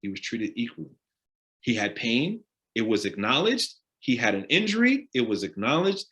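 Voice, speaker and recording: A man runs an interactive talk with a lively, rising and falling voice. He speaks in an animated way and keeps asking his listeners direct questions. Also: mid-range voice, normal speed. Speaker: discussion leader on a live stream.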